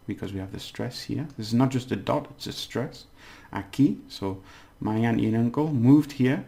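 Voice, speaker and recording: A man giving a casual Spanish lesson, patiently repeating words slowly syllable by syllable. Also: fairly low pitch, gravelly, darkish tone. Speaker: Spanish language teacher. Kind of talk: casual spoken language lesson.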